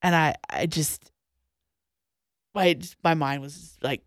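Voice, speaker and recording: A young woman telling a personal story as a podcast guest, halting, with restarts and pauses, going quiet at the hardest parts. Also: sits low, no echo, studio quality. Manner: halting, with frequent restarts and trailing-off lines, dropping quiet at hard moments.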